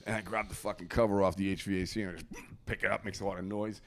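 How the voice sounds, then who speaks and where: A man's voice: deep voice, flat delivery, rapid-fire, slight background noise. A man telling a long profane story in casual podcast chat, laughing often. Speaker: comedian guest.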